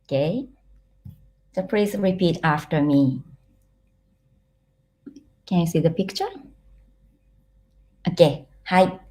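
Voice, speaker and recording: A woman from eastern Japan with a Japanese accent, teaching a live online language class and patiently saying each word slowly for learners to repeat. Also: lowish voice, dark tone. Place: home, living in Thailand.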